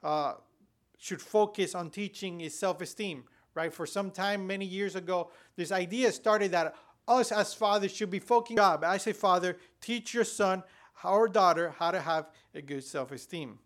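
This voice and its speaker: Storytelling pastor, a man with a higher voice. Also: moderate pace, a bit bright. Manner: conversational storytelling with restarts. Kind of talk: sermon. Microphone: podcast recording.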